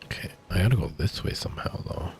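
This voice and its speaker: A man's voice: fast, darkish tone, slight background noise. A man streaming a game live, rambling and thinking aloud as he plays, often poking fun at himself. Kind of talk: live gameplay commentary.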